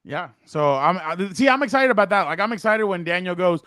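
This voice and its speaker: A man chats casually on a sports podcast, telling stories with animated energy and putting on the voices of people he quotes. His voice sits a little high. The sound is close and dry. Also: brisk, no echo. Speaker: podcast co-host.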